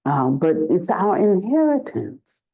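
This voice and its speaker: Slow, reflective older woman teaching dharma. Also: fairly low pitch. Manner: reflective, searching for words, lively when telling stories. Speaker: Buddhist teacher. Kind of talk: dharma talk. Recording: dull lo-fi recording.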